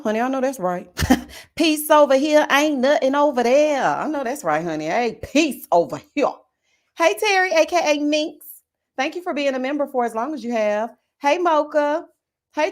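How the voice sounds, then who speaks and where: A woman giving sassy, animated live-stream commentary on a reality show. She keeps calling her viewers honey and child. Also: high voice. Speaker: YouTube reality-show reviewer.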